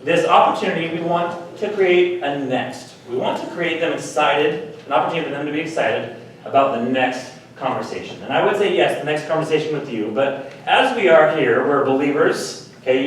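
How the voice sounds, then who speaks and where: A man's voice: fairly high pitch, normal speed, far from the mic. A man giving a chatty youth talk at a church meeting, acting out quotes with playful voices. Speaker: youth speaker at a church high school meeting. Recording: very echoey room from afar with faint noise.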